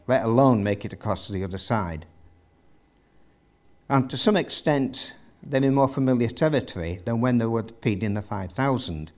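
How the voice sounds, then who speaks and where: A man's voice: medium pitch, a little mellow. A man preaching a sermon, retelling a story with vivid narration and rhetorical questions to the congregation.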